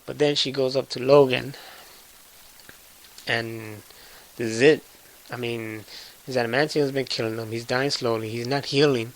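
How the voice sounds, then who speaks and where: A man casually recapping a film's plot with heavy swearing and excitable storytelling. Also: mid-range voice, normal speed, pauses often, poor audio. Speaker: movie reviewer.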